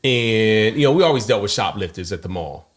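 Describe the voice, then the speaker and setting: A man's voice: lowish voice, lively intonation, brisk. A man co-hosting a podcast, telling a personal story in casual chat and acting out the voices of people he quotes. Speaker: podcast co-host.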